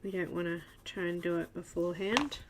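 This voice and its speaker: An Australian woman hosting a live coloring stream, chatting softly as she works and reading viewers' comments aloud. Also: lowish voice, brisk, noisy background. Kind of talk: casual live-stream chat while coloring.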